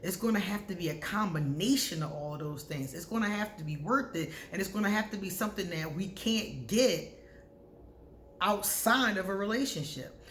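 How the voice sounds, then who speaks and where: A woman vlogger giving casual, candid astrology advice to camera, talking freely and breaking into loud laughter. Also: mid-range voice, lively intonation, normal speed, echoey room, a little hiss or hum.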